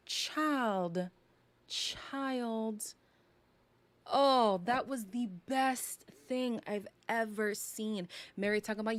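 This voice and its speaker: A woman's voice: a little high, takes it slowly, fairly bright tone. A young Canadian woman talks through a reality TV finale on a live stream, teasing and dramatic, with frequent laughs. She takes her time and draws out her words. The sound is dry and close, with no room echo. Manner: laughs often. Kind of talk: casual live review chat.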